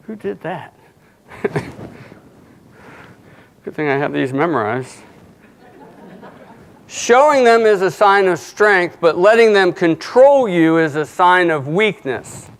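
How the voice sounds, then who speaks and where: A man's voice: high voice, clean tone. A middle-aged man speaking at a conference, folksy and joking, acting out short dialogues as he talks. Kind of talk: motivational talk to an audience. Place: conference hall.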